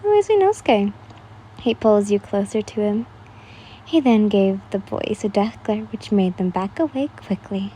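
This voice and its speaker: A woman's voice: mid-range voice, unhurried, dark tone, a little hiss or hum. A young woman casually reading aloud a second-person fan story, stumbling and restarting now and then and swearing freely. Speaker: fan fiction reader.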